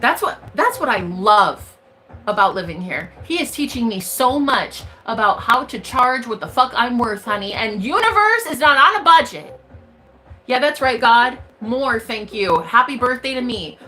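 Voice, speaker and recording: A woman's voice: a little high, sing-song, normal speed, sharp tone. A woman, a spiritual reader, giving an emphatic, profane motivational rant straight to her viewers.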